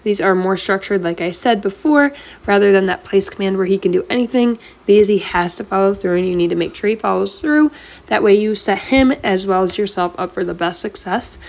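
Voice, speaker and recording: A woman's voice: mid-range voice, brisk, creaky, a little mellow. A woman dog trainer narrating a voice-over, explaining a training clip step by step in a plain, casual way.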